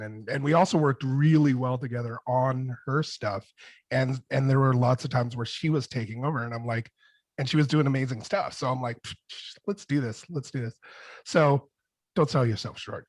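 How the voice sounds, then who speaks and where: A man, a music producer on a panel, telling rambling, animated stories with many restarts over a video call. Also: mid-range voice, no echo. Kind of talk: casual panel storytelling. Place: home studio with bright colors behind.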